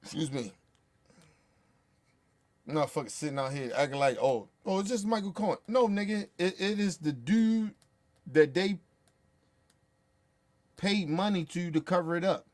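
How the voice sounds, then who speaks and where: A man's voice: a little high, animated, a little slow, pauses often. A man ranting in profane, heated commentary, blunt and repetitive. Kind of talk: profane political rant.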